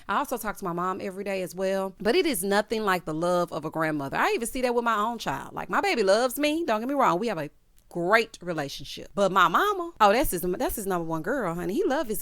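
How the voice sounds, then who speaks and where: A woman casually recapping a TV episode, sassy and animated, acting out the characters' lines. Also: medium pitch, no room sound. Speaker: recap vlogger.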